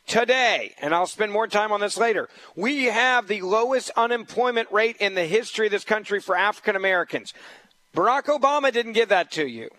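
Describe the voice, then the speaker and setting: A man's voice: high-pitched, animated, brisk, sharp tone, no room sound, rough recording. A man hosting a political talk radio show as a fill-in, talking in an emphatic, combative way and repeating points for stress.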